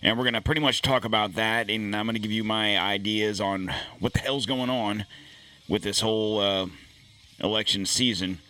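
A man's voice: fairly low pitch, fairly even intonation, moderate pace, bright, forceful tone, no room sound. A middle-aged man hosting his own podcast, chatting casually and rambling with jokes and fillers. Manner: rambling, joking, many fillers. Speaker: podcast host. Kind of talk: casual chat. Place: home studio. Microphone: studio podcast mic.

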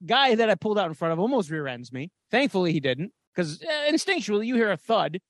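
A man's voice: high voice, very animated, fast talker, no echo, clean studio sound. A man co-hosting a podcast, telling a story in casual chat and swearing freely. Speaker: podcast co-host.

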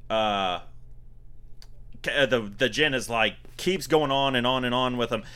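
A man's voice: medium pitch, measured pace, sharp tone, clean tone. A man in casual podcast chat, retelling movie scenes and correcting details. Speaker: podcast co-host. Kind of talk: casual film recap chat.

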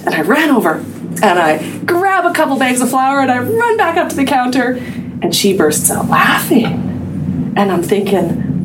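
Animated woman telling a story. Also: medium pitch, noisy background. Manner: animated storytelling with acted-out dialogue. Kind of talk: personal anecdote.

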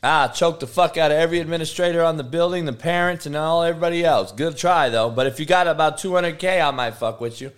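A man's voice: on the high side, quick pace, hardly any pauses, clean tone. A middle-aged man hosting a live show, a football coach who rants and trash-talks with constant swearing. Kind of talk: profane live-stream rant.

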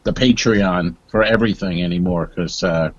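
A man's voice: deep voice, normal speed, dull audio. A man co-hosting a comedy podcast, teasing and rambling in casual chat. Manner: teasing, rambling, mock-offended. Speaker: podcast co-host.

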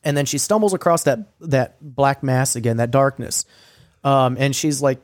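A man's voice: medium pitch, normal speed, no echo, clean studio sound. Rambling, profane young man. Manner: profane, rambling storytelling with many fillers; acts out quoted lines with a raised voice. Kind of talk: casual recap of a streamed game.

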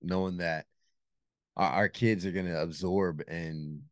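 Male podcast host, deep voice, supportive and affirming, dry recording. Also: fairly even intonation, unhurried, no room sound. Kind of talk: interview hosting.

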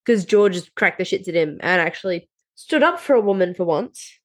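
A woman talks through a show's plot in relaxed podcast chat. Her tone is blunt and matter-of-fact, and she swears freely. Her voice sits at an ordinary middle pitch. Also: moderate pace. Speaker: podcast co-host. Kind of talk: casual chat recapping a TV show.

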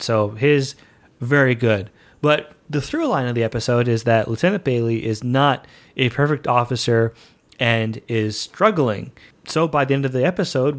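An excitable man hosts a fan podcast in a chatty, playful monologue. His voice sits at an ordinary middle pitch for a man, and he rushes along with obvious enthusiasm. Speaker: podcast host.

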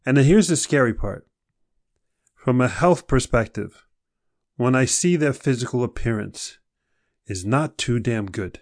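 Male motivational speaker, mid-pitched, direct and challenging, close dry recording. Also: lively intonation, unhurried, long pauses, darkish tone, no room sound. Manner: direct, questioning the listener, mimics excuses. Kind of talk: motivational monologue.

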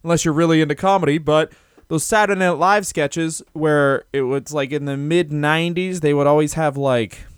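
A man's voice: on the high side, fairly even intonation, moderate pace, smooth, dry recording, clean studio sound. A man co-hosting a casual comedy podcast, joking and slipping into silly put-on voices for quotes. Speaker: podcast co-host.

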